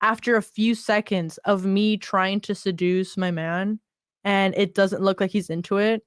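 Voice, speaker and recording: A woman's voice: mid-range voice, steady tone, unhurried, clean tone, dry recording, studio quality. A woman co-hosting a casual podcast chat, talking freely with lots of "like" and "you know". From Miami area. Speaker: podcast co-host.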